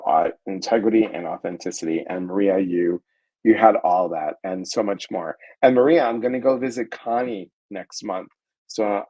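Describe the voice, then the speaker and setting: A man's voice: fairly low pitch, lo-fi sound. A middle-aged man, a guest on a live stream, chatting casually and playfully, greeting viewers and joking along. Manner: playful, animated, reads viewer comments aloud.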